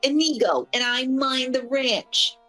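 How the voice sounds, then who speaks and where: A woman's voice: high-pitched, expressive, a little slow, sharp tone, faint music behind, pitched above the performer's own voice, exaggerated voice, poor audio. Ingo, a grumbling ranch hand voiced by a woman. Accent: put-on New York. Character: grumbling male ranch hand, put-upon working man.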